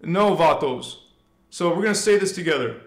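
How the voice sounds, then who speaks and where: A man's voice: a little high, expressive, normal speed, roomy sound. A man hosting a live spiritual stream. He talks in a casual, slangy way and leads his listeners through chants and affirmations. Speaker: spiritual livestream host.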